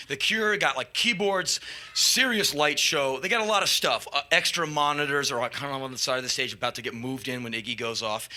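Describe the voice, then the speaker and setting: A man telling a wild rock-and-roll story on a live stage, profane and animated, bursting into shouted sound effects. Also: medium pitch. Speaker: spoken-word performer. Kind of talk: live spoken-word storytelling. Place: live stage before an audience.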